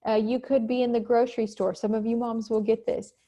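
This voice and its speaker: Female instructor with a warm, relaxed tone, recorded at home on a computer mic, acting out short examples. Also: a little high. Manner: conversational, acts out quick examples. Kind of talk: recorded online lecture. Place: home, cat nearby.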